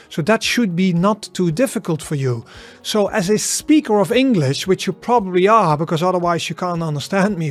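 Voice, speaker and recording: A man from the south of the Netherlands with a southern Dutch accent, teaching pronunciation in a relaxed, casual way. He repeats words slowly and often checks in with "right?". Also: high-pitched. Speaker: language teacher.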